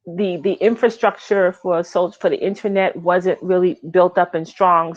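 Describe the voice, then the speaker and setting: A woman co-hosting a wellness talk show, chatting casually and acting out her own quoted lines with lively energy. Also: fairly low pitch. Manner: animated storyteller, acts out her own quotes. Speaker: co-host. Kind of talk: casual chat. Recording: slightly dull, lo-fi remote audio.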